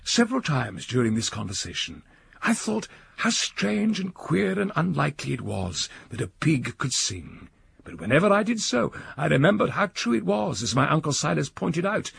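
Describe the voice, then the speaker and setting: A man narrating a story in an audiobook reading, slow and richly expressive. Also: a little high, vocal fry, slightly rough, dry recording.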